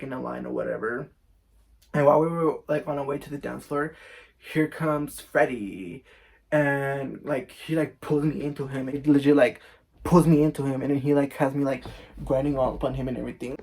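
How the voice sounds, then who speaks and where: Casual vlogger man, gravelly fry, middle pitch, gossipy and profane, filler-heavy bedroom storytime. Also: steady tone, moderate pace, darkish tone. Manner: chatty, profane, says "like" constantly.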